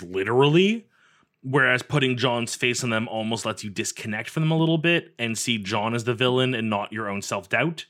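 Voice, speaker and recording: A man co-hosting a podcast, talking in an enthusiastic, animated way with lots of "like". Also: mid-range voice. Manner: animated, enthusiastic, says "like" often. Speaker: podcast co-host. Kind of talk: casual podcast discussion.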